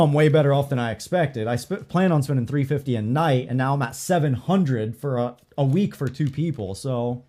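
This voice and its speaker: A man co-hosting a podcast, telling a story in casual chat, animated, swearing freely and acting out the dialogue with lots of "like". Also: medium pitch. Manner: filler-heavy, lots of "like" and "I'm like".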